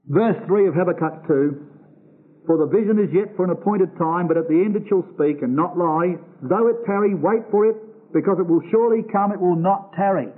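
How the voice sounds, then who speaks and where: A man with a fairly high voice delivers an expository Bible sermon to his congregation, slowing down to lean on each line of scripture he quotes. The sound is thin and tinny, as if it came over a phone line. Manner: slows to stress quoted scripture. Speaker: preacher.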